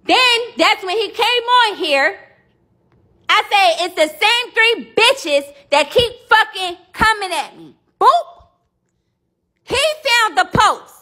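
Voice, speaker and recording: Brash high-voiced woman ranting on a livestream. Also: expressive, slow pace, sharp tone. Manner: brash, profane, addresses viewers as y'all. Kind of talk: casual livestream rant.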